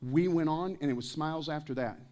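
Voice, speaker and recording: Speaking a little fast in a fairly high, slightly mellow voice, a pastor delivers a church sermon. He weaves in stories and jokes and asks the congregation questions.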